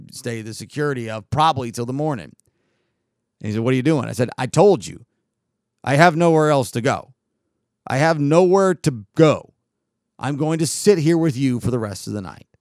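A man's voice: mid-range voice, vocal fry, no room sound, studio quality. A man hosting his own podcast, telling a long festival story in a casual, rambling way and acting out the dialogue. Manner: rambling, animated retelling with quoted dialogue. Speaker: podcast host.

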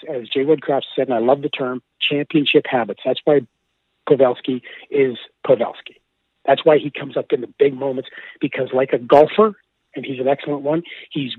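A man, a hockey broadcaster, telling stories in an animated way, laughing often and repeating himself as he goes. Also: mid-range voice, breathy edge, no room sound. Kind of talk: animated storytelling. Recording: tinny phone-like line, dry.

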